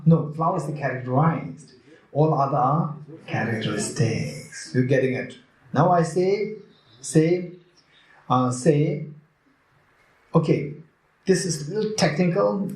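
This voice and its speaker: A man's voice: on the high side, darkish tone. A man teaching at a retreat, who keeps questioning and teasing his students and repeats key phrases. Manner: repeats phrases, quizzes and teases the audience. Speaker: Buddhist teacher. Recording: echoey room.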